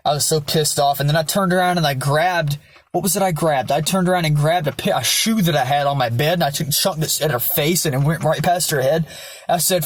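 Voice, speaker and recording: A vlogger, a young man, shares his personal backstory candidly, blunt and rambling with lots of swearing. His voice is a little high and fairly quick, and there's no echo.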